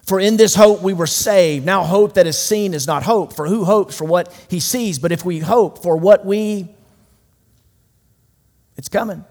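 A man preaching a sermon to a large room, emphatic and swinging from loud declarations to hushed asides. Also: high-pitched, measured pace. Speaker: pastor. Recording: long hall reverb.

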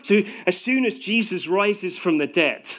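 High-voiced man preaching a sermon. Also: lively intonation, unhurried, fairly bright tone. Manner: conversational, with self-deprecating humor.

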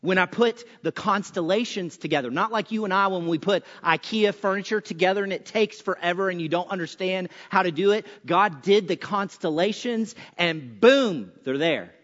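A man's voice: high voice, moderate pace, hardly any pauses, a bit bright. A man preaching a chapel sermon in a conversational style, firing off punchy rhetorical questions with sarcastic asides. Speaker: chapel speaker. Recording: reverberant hall, dull sound.

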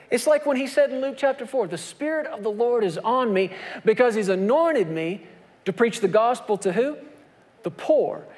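A man delivering a sermon with a notably high voice. He preaches emphatically, pausing to throw rhetorical questions at the congregation, and the sound carries a long hall reverb. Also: darkish tone. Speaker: pastor.

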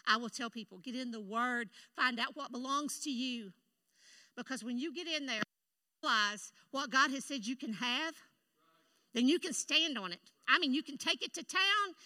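A woman preaching a sermon in a church, emphatic and animated, with quick asides to the congregation. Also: sits high. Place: church sanctuary.

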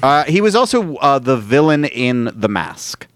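A man chatting on a podcast, telling stories in a lively way and slipping into little voices for people he quotes. His voice is smooth and resonant. The sound is dry and close. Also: mid-range voice, unhurried, no echo. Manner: animated storyteller who slips into quoted voices. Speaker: podcast host. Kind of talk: casual chat.

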